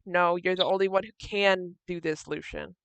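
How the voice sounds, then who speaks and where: Woman doing a soft self-sacrificing hero. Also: fairly low pitch, fairly even intonation, moderate pace, smooth, no echo. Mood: tender. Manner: soft, tender, resigned. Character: gentle self-sacrificing young man. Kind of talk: acting out a tabletop game character.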